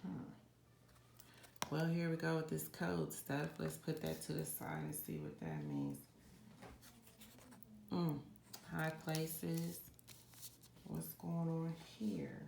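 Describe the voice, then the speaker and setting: A woman's voice: deep voice, takes it slowly, gravelly, long pauses. A woman giving a psychic card reading, chatting casually and directly to her viewers. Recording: echoey room with steady background noise.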